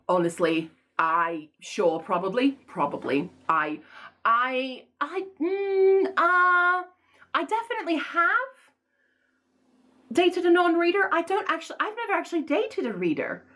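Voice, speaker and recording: A woman book vlogger chatting casually in a put-on snobbish accent, playful and self-mocking, her pitch swooping up and down. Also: fairly bright tone. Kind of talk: casual chat.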